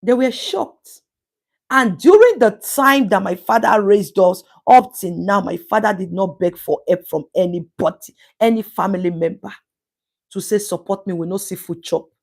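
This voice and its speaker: A woman's voice: medium pitch, lively intonation, normal speed, gravelly. Emphatic Nigerian woman streaming live. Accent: Nigerian English. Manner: emphatic and preachy, repeating words for stress. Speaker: livestream host reading viewer comments. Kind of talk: casual live-stream talk.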